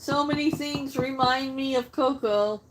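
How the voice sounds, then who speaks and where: A woman's voice: high voice, unhurried, noisy background. A woman hosting a casual cooking livestream, chatting and answering viewer comments as she works. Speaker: livestream host. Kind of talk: casual live-stream chat while cooking.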